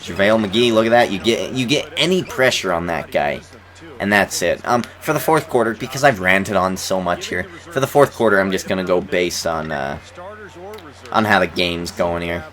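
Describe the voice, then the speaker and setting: His voice sits low with a bit of brightness, and he keeps a moderate pace. A man in his twenties, he rambles through casual commentary on a basketball video game, chuckling and repeating words.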